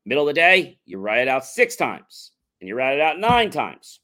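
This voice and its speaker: A man's voice: mid-range voice, wildly swooping pitch, moderate pace, bright, forceful tone. A man on a talk show explaining a mindset technique, coaching listeners and acting out repetitive self-talk.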